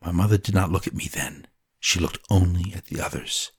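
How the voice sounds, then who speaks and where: A man narrating a dramatic first-person story in a solemn, deliberate way, at times dropping to a whisper. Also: deep voice, slightly rough, dry recording, clean studio sound.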